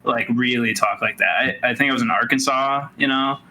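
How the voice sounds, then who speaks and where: A man's voice: mid-range voice, brisk, bright, forceful tone, a little hiss or hum, low-quality recording. A man co-hosting a podcast in casual chat, telling stories in a rambling way with fillers and laughs. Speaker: podcast co-host.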